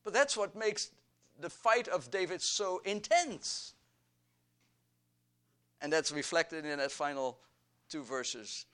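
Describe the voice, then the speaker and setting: A man preaching a sermon, slow and deliberate, building emphasis through repeated phrases. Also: a little high, bright, forceful tone, smooth. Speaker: pastor.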